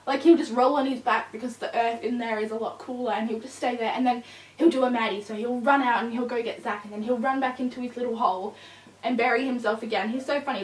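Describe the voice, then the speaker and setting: A woman vlogger chatting casually in a rambling way, with frequent fillers, a little tired. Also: fairly high pitch. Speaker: vlogger with a new puppy. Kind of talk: casual chat. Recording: echoey room, distant mic.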